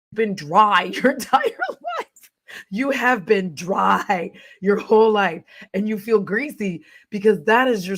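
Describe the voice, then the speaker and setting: Brief: young woman livestream host, lively and emphatic, casual chat, laughs a lot. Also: mid-range voice. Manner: animated, emphatic, laughs often, acts out quotes.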